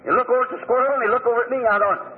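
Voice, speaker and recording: Male preacher, very high-pitched, fervent and plain-spoken; tinny phone-like old recording. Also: steady tone, rapid-fire. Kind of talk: sermon.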